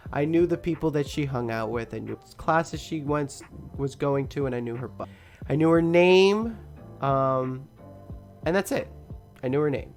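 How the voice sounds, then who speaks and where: A man's voice: medium pitch, normal speed, faint music behind. A young man hosting a podcast, telling a story in a casual, rambling way, swearing freely and laughing often. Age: young adult. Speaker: podcast host.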